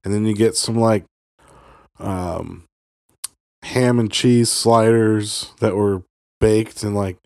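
A man's voice: on the low side, fairly even intonation, slow pace, long pauses, darkish tone, no echo, clean studio sound. A man co-hosting a podcast, talking in a tired, laid-back, casual way. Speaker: podcast co-host. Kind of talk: casual chat.

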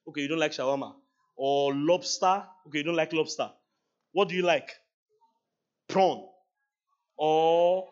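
A man preaching a sermon at a church service, animated, laughing often and acting out dialogue with God. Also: high-pitched, highs cut off. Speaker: pastor.

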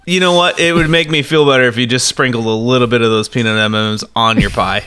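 A man's voice: mid-range voice, fairly even intonation, fast talker, pushed and bright, a little hiss or hum. A man hosting a casual podcast, slangy and joking, laughing along with his guest. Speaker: podcast host.

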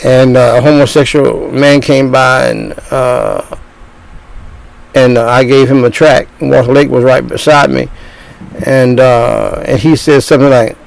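An older man preaching a sermon at a middle pitch. His voice is gravelly and rough, and his delivery is blunt and rambling. He circles back over his own phrases as he goes. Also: fairly even intonation, unhurried, rough recording. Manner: blunt, rambling, repeats himself.

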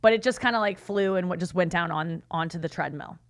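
A woman's voice: lowish voice, fairly quick. A woman co-hosting a podcast, telling a story in casual chat and acting out the people in it. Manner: animated, acts out voices in anecdotes. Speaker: podcast co-host.

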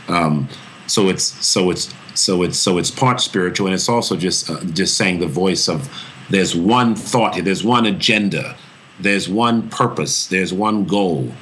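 A man with a low-pitched voice answering interview questions in a reflective, earnest way. He circles back and restarts phrases as he thinks. The talk is unhurried and sincere. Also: a bit bright, a little hiss or hum. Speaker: actor talking about his voice.

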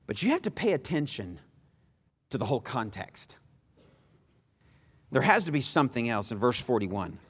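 A man preaching a sermon, emphatic and repetitive, swinging between loud pleas and hushed lines. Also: medium pitch, husky, in a large hall.

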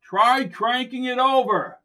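A man voicing a calm, patient handyman in an audiobook, speaking in a matter-of-fact, reassuring way. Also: extremely high pitch, takes it slowly, voice pushed up, heavily acted.

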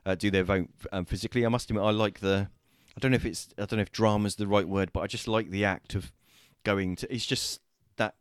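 Deep-voiced hesitant man. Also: fairly even intonation, brisk, hardly any pauses, clear, resonant tone, dry recording, studio quality. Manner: hesitant, many fillers and restarts. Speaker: host. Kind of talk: casual discussion show. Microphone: remote call.

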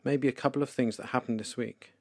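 A man leading a guided meditation for listeners, speaking slowly, calmly and softly with pauses. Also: medium pitch, no room sound, studio quality. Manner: slow, calm, soft-spoken with pauses. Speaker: devotional leader.

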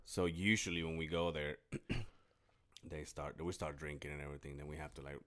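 A man's voice: extremely low pitch, fairly even intonation, normal speed, fairly bright tone. A young man co-hosting a podcast, chatting casually in long rambling stories, swearing often and acting out his friends' lines. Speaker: podcast co-host. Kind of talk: casual chat.

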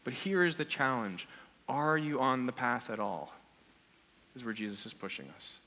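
A man's voice: medium pitch, lively intonation, normal speed, sharp tone. A man preaching a sermon as pastor, earnest and asking the congregation questions. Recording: long reverb of a large hall.

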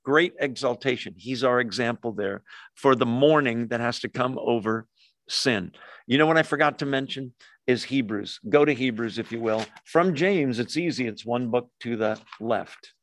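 A man leads a Bible study in a relaxed, conversational style, using pauses, fillers and quick asides to his group. His voice is mid-range, with no echo.

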